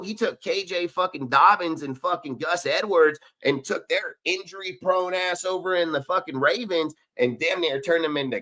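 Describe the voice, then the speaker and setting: A man's voice: fairly high pitch, sharp tone. Fired-up profane man in a sports rant. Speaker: podcast host. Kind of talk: heated sports talk rant.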